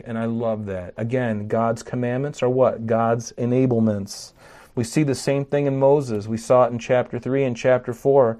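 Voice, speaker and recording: A man preaching a sermon, animated, acting out scripture quotes and stumbling through restarts. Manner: animated preaching, acts out scripture quotes with rising pitch and volume; fillers and restarts. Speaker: pastor.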